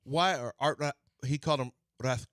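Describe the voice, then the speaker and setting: A man hosting a sports radio show, talking in an animated, playfully argumentative way. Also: medium pitch, moderate pace, no echo, clean studio sound. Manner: animated, playfully argumentative, jumps between topics. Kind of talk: casual sports talk banter. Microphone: studio mic.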